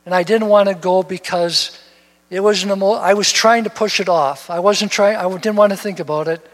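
A pastor telling a personal story in a sermon, animated and repeating words as he goes. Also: high-pitched, moderate pace. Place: church sanctuary. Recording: long reverb of a church hall.

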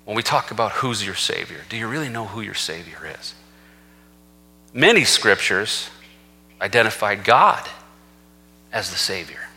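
A man's voice: on the low side, big pitch swings, a little slow, pauses often, bright, forceful tone. Emphatic male pastor preaching in a hall. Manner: emphatic preaching, reading scripture aloud with rising force. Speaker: senior pastor. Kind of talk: sermon. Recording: reverberant hall.

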